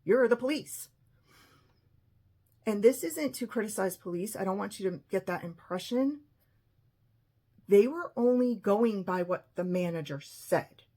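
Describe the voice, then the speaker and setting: A woman with a husky voice telling an emotional personal story, often quoting what others said. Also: mid-range voice, expressive, moderate pace, warm tone.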